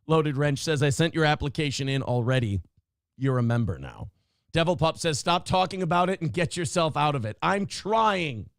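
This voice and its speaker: Animated, profane male live-show host. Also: fairly high pitch, normal speed, no echo, clean studio sound. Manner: profane, animated, reads chat comments aloud. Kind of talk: casual live-show banter and rant.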